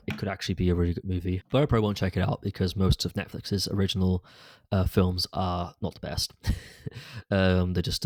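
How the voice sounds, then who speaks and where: Low-pitched and a bit dark in tone, this man's voice is recorded with no echo. He hosts a solo podcast, rambling casually through candid opinions on films, full of fillers and restarts.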